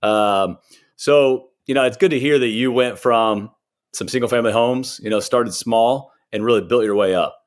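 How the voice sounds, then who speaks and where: A man's voice: medium pitch, moderate pace. A man hosting a podcast interview, summing up his guest's points in an encouraging way. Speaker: podcast host. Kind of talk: casual interview.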